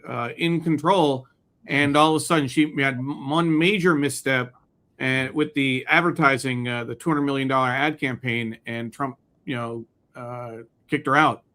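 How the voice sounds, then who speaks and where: A man's voice: medium pitch, normal speed, fairly bright tone. A man co-hosting a casual talk show, speaking hesitantly with many restarts as he weighs his thoughts. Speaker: co-host. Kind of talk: casual chat.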